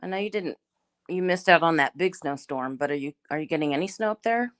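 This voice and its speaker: A middle-aged woman hosts a relaxed livestream chat, greeting viewers by name as she talks. Her voice is low and her pace fairly quick.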